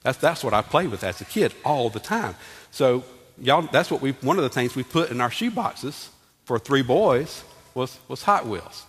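A middle-aged man, preaching a lively sermon to his congregation and often asking them questions directly. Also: medium pitch, moderate pace, husky. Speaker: pastor. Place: church sanctuary. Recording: long hall reverb.

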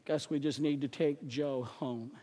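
A man voicing a gloomy, defeatist friend who gives up easily, in a slow, low, resigned mumble. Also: fairly even intonation, mellow, in a large hall.

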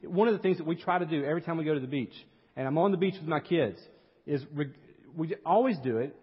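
Husky-voiced preacher in a reverberant hall. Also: male voice, on the high side, quick pace. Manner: earnest preaching with rhetorical questions and asides. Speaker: pastor. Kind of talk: sermon. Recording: dull recording with long hall reverb.

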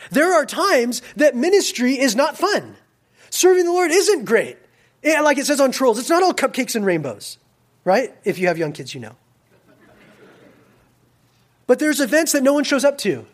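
Lively, casual male preacher. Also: high-pitched, normal speed. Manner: casual and animated, swings between loud emphasis and quiet asides. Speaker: youth pastor. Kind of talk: sermon.

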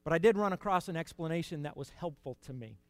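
A man preaching a sermon in an earnest, conversational way, rising to emphatic peaks and dropping to quiet asides. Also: fairly high pitch, animated, fast talker, no room sound.

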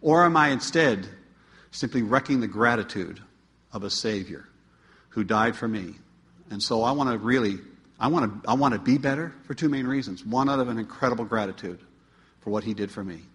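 A man preaching a sermon to his congregation, asking them questions and swinging between emphatic, pleading peaks and quiet asides. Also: mid-range voice, a little fast. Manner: asks the congregation rhetorical questions. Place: church. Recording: long hall reverb.

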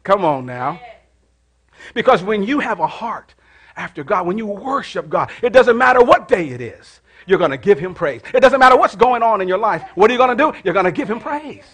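A middle-aged man preaching a sermon in church, calling out to the congregation and dropping to hushed prayer. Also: high-pitched, big pitch swings, brisk, breathy edge. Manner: call-and-response preaching, rising to shouts and dropping to hushed prayer. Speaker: pastor.

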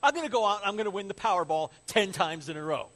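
A pastor acting out a desperate servant begging for time to repay a huge debt, loud and hurried. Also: male voice, sits high, big pitch swings, voice pushed up, exaggerated voice. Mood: pleading. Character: desperate grown male debtor servant, pleading and scheming.

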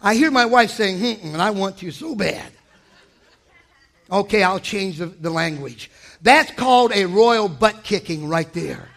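Male pastor, high and bright voice, fiery sermon, hushed-to-shouting delivery. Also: expressive, a little slow, creaky. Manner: shouting declarations, swinging from hushed to loud. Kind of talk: energetic sermon.

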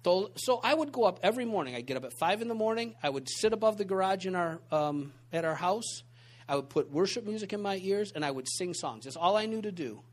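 A man teaching a church group in an informal sermon, telling stories in a conversational, animated way full of asides. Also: high voice, fast. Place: church meeting room.

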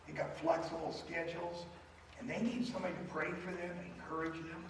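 Man, preacher, conversational storytelling sermon, slightly higher voice, echoey sanctuary, mic set well back. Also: flat delivery, a little fast. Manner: storytelling, conversational, leads a closing prayer. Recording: echoey room from a distant mic with faint noise.

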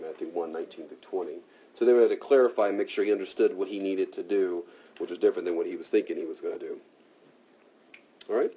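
A male preacher gives a relaxed, conversational sermon and often checks in with "right?" His voice is low, mellow and husky. The recording sounds muffled and lo-fi. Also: fast talker. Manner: casual and talky, asks "right?". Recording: dull lo-fi recording.

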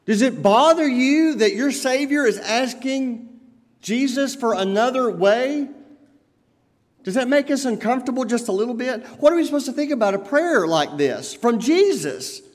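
A man preaching a sermon as pastor, swinging between loud emphatic lines and quiet lowered ones. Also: lively intonation, normal speed, in a large hall.

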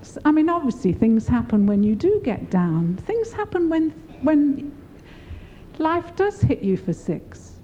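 A woman's voice: unhurried, highs cut off, a little hiss or hum. An older woman preaching a sermon, encouraging and often laughing as she speaks. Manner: warm, laughing, encouraging, lively pitch swings.

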